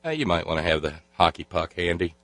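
A man's voice: sits low, big pitch swings, fast talker, a bit bright, no room sound, poor audio. A man hosting a talk show, delivering sarcastic political commentary in a rambling way full of filler sounds. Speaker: radio talk show host.

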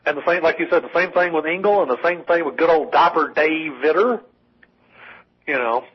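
A man's voice: fairly high pitch, brisk, breathy edge. A man co-hosting a casual political talk radio show, rambling with many restarts and wry asides. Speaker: call-in co-host. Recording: dull lo-fi radio broadcast.

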